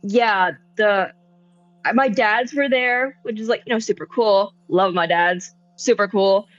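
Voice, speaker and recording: A woman's voice: mid-range voice, unhurried, dry recording, muffled recording, soft background music, close to an everyday voice. A woman voicing a nervous, rambling young man in a tabletop game, talking hesitantly with lots of fillers. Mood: wistful. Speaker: player. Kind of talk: tabletop role-play in character.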